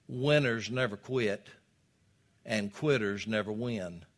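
A man preaching a sermon, swinging between loud emphatic peaks and low, quiet asides. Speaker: pastor.

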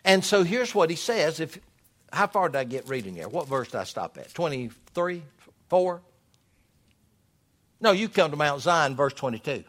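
A man preaching a sermon, reading scripture aloud with loud emphatic swells. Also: a little high, expressive, moderate pace.

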